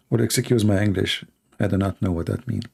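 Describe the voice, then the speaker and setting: Hoarse, gravelly man. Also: low voice, very animated, moderate pace, darkish tone. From Middle East. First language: Arabic. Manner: blunt, sarcastic, rhetorical questions. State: hoarse, tired voice. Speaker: Christian apologist, host answering questions. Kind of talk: casual live Q&A stream.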